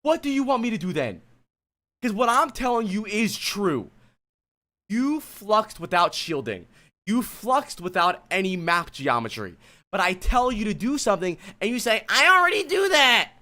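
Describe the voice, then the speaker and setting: Exasperated guy streamer coaching, high voice that jumps all over, cusses a lot, keeps talking to chat. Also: big pitch swings, moderate pace, sharp tone. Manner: blunt, exasperated, profane; talks to chat while lecturing a student. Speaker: streamer coach reviewing gameplay. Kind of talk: live-stream game coaching.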